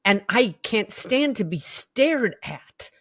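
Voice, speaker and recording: A woman's voice: medium pitch, big pitch swings, slow pace, dry recording, clean studio sound. A woman, a podcast guest, telling a personal story in an interview, vividly and emotionally, with restarts and acted-out quotes.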